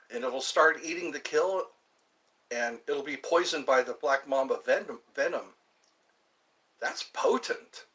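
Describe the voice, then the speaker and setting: Bright-voiced rambling man vlogger. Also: on the high side. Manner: meandering, chatty, puts on playful voices. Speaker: channel host. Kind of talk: rambling casual vlog chat.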